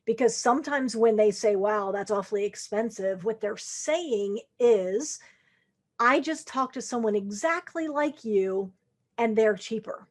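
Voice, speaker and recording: A middle-aged woman coaching salespeople on a podcast, in a slightly higher voice. She talks casually and slips into the voices of prospects and salespeople to make her points. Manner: conversational, acts out quoted lines of prospects. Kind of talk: podcast sales advice monologue.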